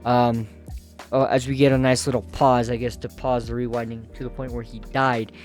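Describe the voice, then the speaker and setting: A man's voice: medium pitch, little pitch movement, normal speed, a little mellow, soft background music. A man giving a casual, profane comic recap of a comic, full of fillers and laughter. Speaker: manhwa recap host.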